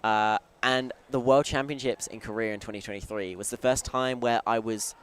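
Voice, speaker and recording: This mid-range male voice, fairly bright and fairly even in intonation, moves at a moderate pace over a slight hiss or hum. He's a chatty British stream commentator from the UK, joking around and frequently breaking off to restart what he's saying.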